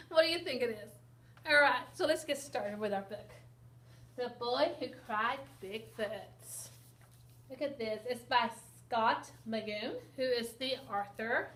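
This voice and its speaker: Slow, expressive woman reading to kids. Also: on the high side. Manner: expressive, asks listeners questions, sound effects. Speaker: teacher reading a picture book to children. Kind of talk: children's read-aloud lesson. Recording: echoey room with faint noise.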